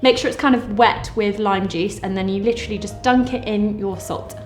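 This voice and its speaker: A woman's voice: medium pitch, steady tone, a little fast, reverberant, over music. A woman talking casually through a home cocktail recipe step by step, joking as she goes, in a kitchen. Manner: chatty, jokey, explaining step by step. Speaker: vlogger. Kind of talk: casual cooking demo.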